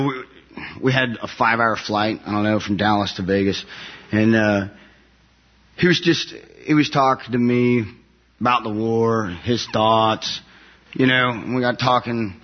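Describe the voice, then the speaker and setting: A man, a soldier, telling an animated story about coming home to an audience, laughing often as he talks. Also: medium pitch, dull audio. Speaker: soldier sharing his story.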